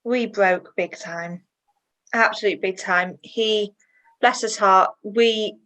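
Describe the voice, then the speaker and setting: A woman, a guest in a personal interview, chatty and emotional and quick to laugh. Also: medium pitch, a bit bright, low-quality recording.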